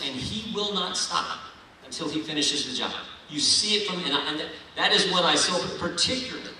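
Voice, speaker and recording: Folksy, rousing male keynote speaker from Ohio, bright, slightly high voice, echoey hall, mic at a distance. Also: a little hiss or hum. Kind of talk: political dinner speech. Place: large banquet hall.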